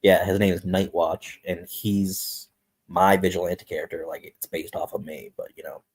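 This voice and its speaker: A man's voice: deep voice, fairly even intonation, normal speed, husky. A man who is a guest comic writer, chatting casually and hesitantly with many fillers. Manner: hesitant, many ums and likes. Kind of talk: casual chat.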